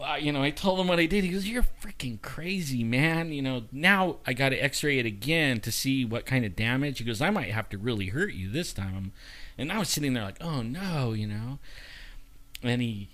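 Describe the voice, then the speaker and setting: Guy telling his story on a talk show, animated, does the voices of people, laughs a lot. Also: medium pitch. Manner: animated, acts out quoted voices, laughs often. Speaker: guest. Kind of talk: casual storytelling.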